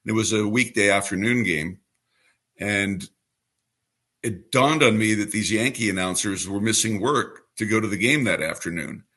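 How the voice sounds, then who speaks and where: Casting: older man in his 70s from New York, seasoned radio play-by-play voice, bright and clear, lowish pitch, relaxed storyteller. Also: moderate pace. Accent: New York, mostly trained away. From New York City. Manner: relaxed anecdotal storyteller with a polished announcer delivery. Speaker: baseball radio broadcaster, guest. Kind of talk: storytelling interview answer.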